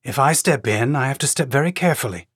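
A man voicing a cautious planetary governor who speaks in a careful, measured way. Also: mid-range voice, lively intonation, husky, no room sound, clean studio sound.

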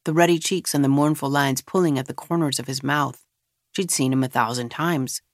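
A narrator reads a novel in a measured, steady way. The voice sits in the middle range. The recording is dry and close, with no room sound. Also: medium pitch, no echo.

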